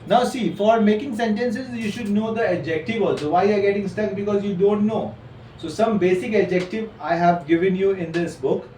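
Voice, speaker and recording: A man's voice: sits high, normal speed, dark tone. Man teaching a class. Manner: explains patiently, repeats and corrects students. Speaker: English teacher. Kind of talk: classroom lesson. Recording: echoey room from far off, faint noise.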